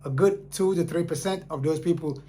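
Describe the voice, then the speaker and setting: A man's voice: a little high, moderate pace, warm tone. Earnest man telling stories, faint hum. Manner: earnest storytelling, repeats phrases for emphasis. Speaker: independent artist, channel host. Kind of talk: casual talk to camera.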